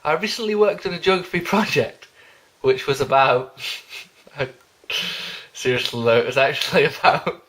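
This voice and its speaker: A young man reading a jokey self-introduction, rambling and giggling, with deadpan asides. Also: on the high side, a little slow. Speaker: vlogger.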